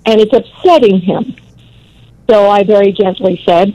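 A woman's voice: medium pitch, unhurried, mellow, low-quality recording. An older woman, a radio advice host, telling a story in a blunt, no-nonsense interview manner.

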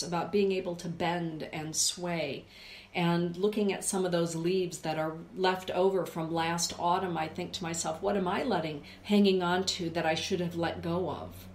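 A woman hosts a live spiritual stream, speaking in a somewhat low voice. She reflects aloud and addresses her viewers by name. The sound carries a roomy echo from the indoor space. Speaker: host reading oracle cards for live chat viewers. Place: indoor room with a forest view.

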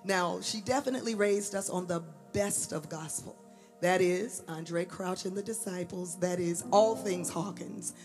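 A woman giving a lively storytelling tribute to her late mother at a memorial service in a church. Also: fairly low pitch, measured pace, soft background music. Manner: animated storyteller acting out voices. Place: church sanctuary.

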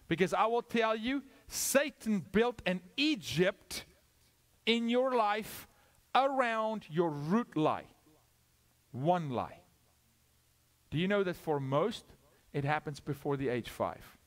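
A middle-aged man preaching a sermon, moving from loud urgent calls to hushed asides, asking questions and acting out short exchanges. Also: high voice, sing-song, takes it slowly. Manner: asks questions, acts out dialogue. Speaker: guest preacher.

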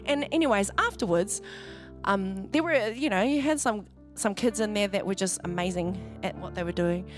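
A woman's voice: mid-range voice, normal speed, faint music behind. A woman pastor gives a conversational sermon in a church hall, laughing often and acting out what people said. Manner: chatty, laughs often, acts out what others said.

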